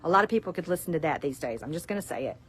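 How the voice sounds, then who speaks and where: A woman's voice: sits low, animated, rapid-fire, breathy edge. Chatty Alabama woman hosting a live sale. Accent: Southern US (Alabama). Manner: chatty and folksy, laughing often, reading sayings aloud. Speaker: shop owner hosting a live product showcase. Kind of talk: casual livestream product chat.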